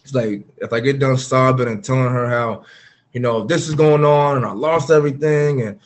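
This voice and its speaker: A man's voice: medium pitch, normal speed. Earnest man telling his own story. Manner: earnest and open, filler-heavy speech. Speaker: podcast guest, former pro football player. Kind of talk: candid personal storytelling in a conversation.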